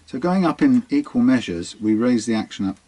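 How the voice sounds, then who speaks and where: A man's voice: mid-range voice, animated, fairly quick, mellow, slight background noise. A man working as a guitar technician, talking himself through a hands-on workshop demonstration in a musing way.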